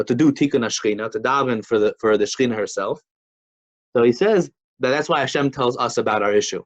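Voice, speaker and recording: A man's voice: medium pitch, rough recording. A man giving an informal Torah class, talking conversationally with frequent restarts and telling stories. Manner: conversational, many restarts and fillers, storytelling. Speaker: Torah teacher.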